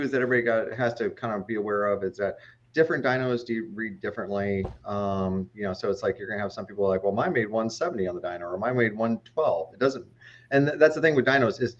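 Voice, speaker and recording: A man on a casual live-stream chat, explaining technical results quickly and matter-of-factly. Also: on the low side, lo-fi sound. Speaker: co-host and dyno tester.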